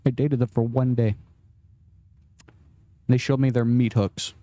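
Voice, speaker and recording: Young male vlogger, loose crude rambling, mid-pitched, self-mocking. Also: little pitch movement, unhurried, warm tone, dry recording. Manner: rambling, crude, self-deprecating, with frequent restarts. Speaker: gaming vlogger. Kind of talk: casual rambling commentary while playing.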